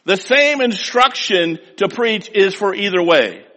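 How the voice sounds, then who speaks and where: High-voiced preacher guy, bright sharp tone, loud then quiet, lots of hall echo. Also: lively intonation, unhurried. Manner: emphatic, swings from loud declaiming to quiet asides. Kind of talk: sermon. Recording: long hall reverb.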